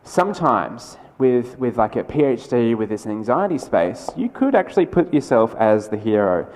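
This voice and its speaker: A man giving a conversational, energetic conference keynote, with quick asides and restarts. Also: medium pitch. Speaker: keynote speaker. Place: large lecture hall. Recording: lecture hall with long reverb.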